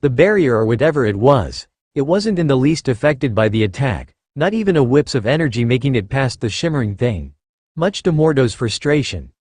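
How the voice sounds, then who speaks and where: A man narrating a fan fiction story in a steady reading voice. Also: medium pitch, fairly quick, no echo, studio quality.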